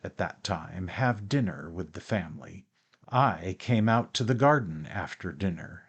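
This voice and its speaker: A male audiobook narrator reads a classic novel, carrying long sentences in a measured, even way. His pitch sits in the middle range.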